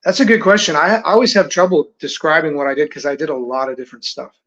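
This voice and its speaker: A man guest on a podcast, explaining his views in a measured, earnest way. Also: fairly high pitch, lively intonation, fairly bright tone, muffled recording. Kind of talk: casual chat.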